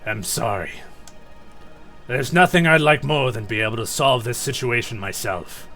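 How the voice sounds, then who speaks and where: A man voicing a gentle old male creator god in a game, speaking calmly and solemnly. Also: mid-range voice, moderate pace, soft background music, pitched below the performer's own voice. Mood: regretful.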